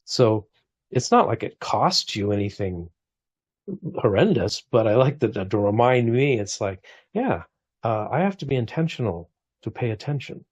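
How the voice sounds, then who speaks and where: A man's voice: on the low side, very animated, moderate pace, husky, no room sound, lo-fi sound. A man in his forties talking reflectively in a casual conversation, full of restarts and small asides. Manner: reflective, warm storytelling with frequent restarts.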